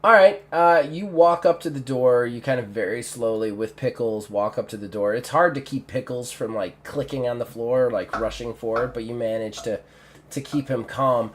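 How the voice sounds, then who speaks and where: A man running a tabletop game as game master, narrating scenes in a loose, animated way. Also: mid-range voice, normal speed, a little hiss or hum.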